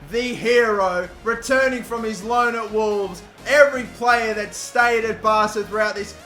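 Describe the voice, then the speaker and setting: A man with an Australian accent commentating his own football game, swearing often and swinging from low mutters to cracking screams. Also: steady tone, measured pace, hardly any pauses, sharp tone, reverberant, soft background music. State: voice cracking from shouting. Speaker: gaming YouTuber. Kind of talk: live gameplay commentary.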